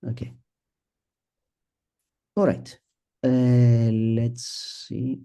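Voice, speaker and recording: A middle-aged man presenting a statistics talk at a symposium, speaking haltingly, restarting sentences and thinking aloud as he works through his slides. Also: medium pitch, flat delivery, dark tone, clear, resonant tone. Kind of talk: academic statistics lecture.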